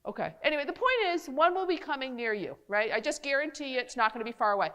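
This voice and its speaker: Middle-aged New woman doctor, lively and chatty talk to a community crowd. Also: sits high, fast. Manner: animated, chatty, talks straight to the audience. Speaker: physician giving a public talk. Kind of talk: lively public health lecture.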